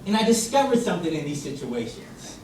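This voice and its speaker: A young man delivering a comic contest speech on stage, his pitch leaping around as he tells the story. He sounds distant from the mic in a very echoey hall. A live audience murmurs behind him. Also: brisk, a little hiss or hum. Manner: animated storytelling, acts out voices. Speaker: contest speaker.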